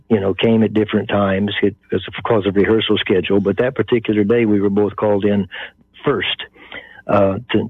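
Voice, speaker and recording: A man's voice: on the low side, breathy edge, dry recording. An older man with a Texan accent, the guest in an interview, telling a story and acting out the voices of the people in it. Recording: muffled phone-line sound.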